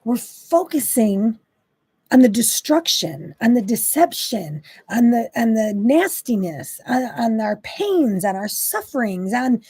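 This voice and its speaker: Impassioned woman preaching with lively swings. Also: on the high side, unhurried, husky, no room sound. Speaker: Christian talk host. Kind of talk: faith-based monologue.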